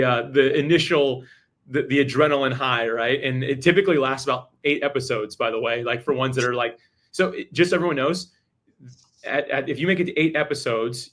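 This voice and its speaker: A man talking as a podcast guest, giving energetic advice in a rapid, emphatic way with frequent restarts. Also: mid-range voice.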